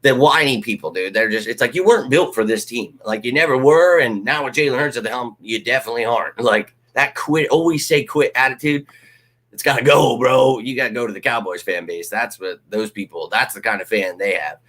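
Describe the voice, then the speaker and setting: A man hosting a live fan stream in a loose, ranting manner, swearing freely as he talks. His voice sits at a middling pitch, and he often drops into mocking put-on voices to make fun of critics. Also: fairly quick, a bit bright. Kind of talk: casual live-stream rant.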